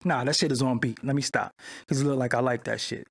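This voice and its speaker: A man's voice: mid-range voice, fairly even intonation, quick pace, creaky, slight background noise. A man hosting a livestream, ranting in a profane, mocking, confrontational way and arguing with viewers in the chat. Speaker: channel host. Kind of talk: livestream commentary rant.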